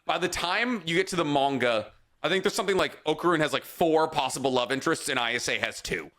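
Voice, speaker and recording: A man's voice: fairly high pitch, animated, brisk, a bit bright. A man co-hosting a casual podcast, joking and swearing freely as he chats. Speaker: podcast co-host.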